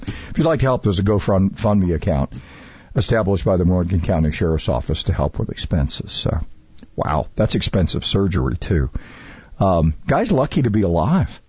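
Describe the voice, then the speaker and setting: A husky-voiced man hosts a talk radio show, rambling from story to story with lots of ums and restarts. The sound is dry and dull, as if heard over the air. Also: fairly low pitch, dark tone, dry recording. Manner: rambling, self-interrupting, chatty with many fillers. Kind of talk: casual talk radio chat.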